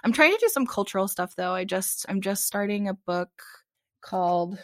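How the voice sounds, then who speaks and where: A woman's voice: mid-range voice, expressive, moderate pace, no echo, studio quality. A woman co-hosting a podcast, chatting casually and filling her talk with lots of "like" fillers. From Arizona transplant. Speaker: podcast co-host. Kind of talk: casual chat.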